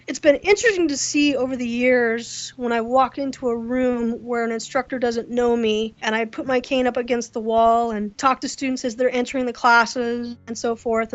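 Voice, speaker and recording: A woman with a fairly high voice tells workplace stories in a casual, animated way. She acts out the reactions she quotes. The recording sounds dull and lo-fi. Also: no echo. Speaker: interview guest. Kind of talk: casual storytelling. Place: hotel during a convention.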